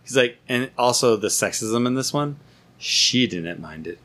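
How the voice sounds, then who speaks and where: A man, a brewer talking as a guest in a casual podcast chat, telling animated stories and laughing often. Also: mid-range voice, a little slow. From United States.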